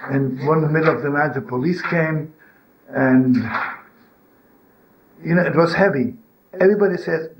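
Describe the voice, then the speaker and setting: An older man giving an informal religious teaching, telling stories and asking "right?" and "you know?" to his listeners, rising to loud scolding when he acts out a harsh inner voice. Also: a little high, normal speed, pauses often, rough recording. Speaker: rabbi and storyteller.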